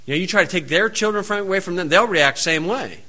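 A preacher with a high, very bright voice delivers a folksy, homespun sermon. He reads scripture deliberately before easing into relaxed, plain-spoken stories of everyday life.

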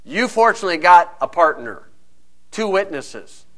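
Animated high-voiced male preacher. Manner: animated storytelling, acting out fans in quick asides. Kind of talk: sermon with a sports illustration.

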